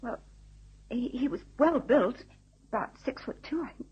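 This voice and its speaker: An actress playing a frightened young housewife who stammers in a vintage radio drama. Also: female voice, high-pitched, expressive, normal speed, husky, full character voice. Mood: shaken. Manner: tremulous, stammering. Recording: dull lo-fi old radio recording.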